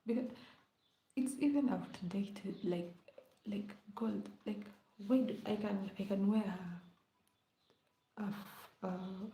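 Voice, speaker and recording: A woman's voice: mid-range voice, takes it slowly, pauses often, warm tone. A woman chatting casually on a live stream, rambling and often dropping into a whisper. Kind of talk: casual late-night live chat. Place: indoor room at home. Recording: echoey room with faint ambience.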